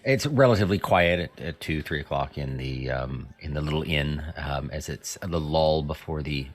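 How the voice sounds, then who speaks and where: A man narrating a tabletop game as game master, halting with many fillers and pauses. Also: a bass voice.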